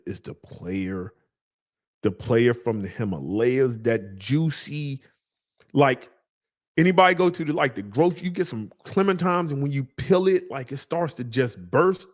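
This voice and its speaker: Male fragrance reviewer, loose slangy delivery, jokey tangents, middle pitch. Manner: slangy, joking, rambling. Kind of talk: casual live review.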